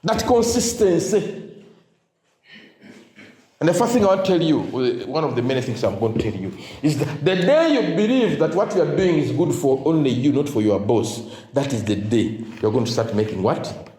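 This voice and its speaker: A man's voice: a little high, very animated, normal speed, mellow. A man giving a motivational talk to teachers, leaving sentences open with "what?" for the audience to fill in and mixing in Luganda phrases. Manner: call-and-response, asks "what?" for the crowd to fill in. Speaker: motivational speaker. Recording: echoey room.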